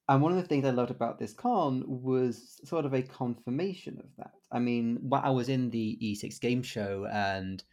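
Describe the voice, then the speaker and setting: A man's voice: mid-range voice, a little mellow. A man co-hosting a casual podcast, telling convention stories in a rambling way with many fillers and restarts. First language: English, some Welsh. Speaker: podcast co-host.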